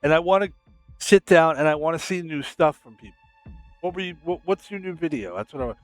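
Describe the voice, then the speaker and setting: American male streamer, casual rambling self-promoter, a bit high-voiced. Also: lively intonation, fairly quick, no room sound, faint music behind. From United States.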